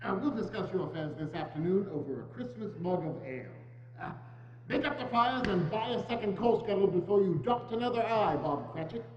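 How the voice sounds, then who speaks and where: A man playing Ebenezer Scrooge, the reformed old miser, giving brisk, cheerful orders in a dramatic reading. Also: high-pitched, expressive. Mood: jovial. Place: church. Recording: echoey church hall, dull sound.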